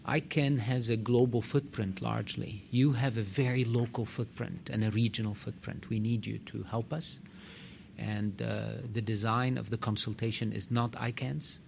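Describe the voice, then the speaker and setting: Gravelly-voiced man, direct and emphatic. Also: medium pitch, fairly even intonation, normal speed, a little mellow, a little hiss or hum. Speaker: organization executive addressing a meeting. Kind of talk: conference remarks.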